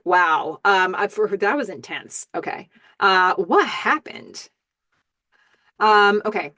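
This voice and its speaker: A woman's voice: mid-range voice, slow, no echo. Chatty woman recapping a show. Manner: animated, chatty, many ums. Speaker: podcast host. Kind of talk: casual episode recap.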